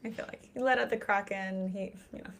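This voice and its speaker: Gravelly-voiced woman joking in a book chat. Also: medium pitch, steady tone, fairly quick. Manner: blunt, joking, emphatic. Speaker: book discussion co-host. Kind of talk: casual live book chat.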